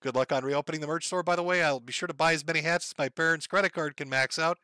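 A man's voice: fairly high pitch, fast, no room sound. A man from Minnesota hosting a livestream, reading viewer donations aloud with sardonic, profane asides. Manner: sardonic, profane, reads messages aloud in a flat wry tone. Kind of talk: casual livestream chat.

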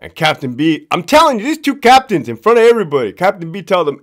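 A man with a somewhat high voice tells prison work stories in a loose, profane way. His voice swings widely as he tells them, and he laughs often and hammers his punchlines by repeating them. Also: very animated, fast, few pauses. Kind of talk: casual storytelling monologue.

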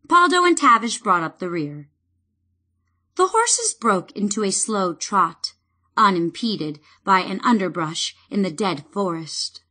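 A woman with a mid-range voice works as an audiobook narrator, reading a fantasy novel in a measured, expressive way.

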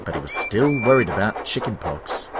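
A man narrating a children's story in a calm, measured way, over loud background music. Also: fairly low pitch, heavy background noise.

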